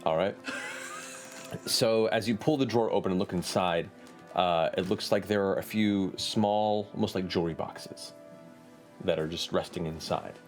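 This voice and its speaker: A man narrating a tabletop game as game master, animated and often laughing as he describes chaotic scenes. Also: low-pitched, normal speed, faint music behind.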